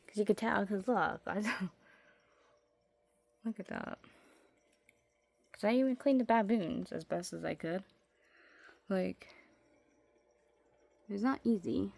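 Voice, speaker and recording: A woman chatting casually in a home basement as she shows her pet tarantulas. She rambles, trails off mid-sentence and coos softly at her animals. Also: mid-range voice, slow, creaky, pauses often, dry recording. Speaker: pet keeper showing her tarantulas and fish. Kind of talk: casual vlog chat.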